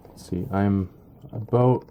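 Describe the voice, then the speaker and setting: A man giving a casual product review, halting and full of ums and uhs. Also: on the low side, dark tone, a little hiss or hum. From Canada. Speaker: knife reviewer.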